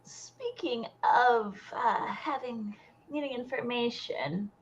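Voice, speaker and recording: A woman's voice: a little high, takes it slowly, lo-fi sound, slight background noise. A woman narrating a tabletop game as game master, playful and given to giggling.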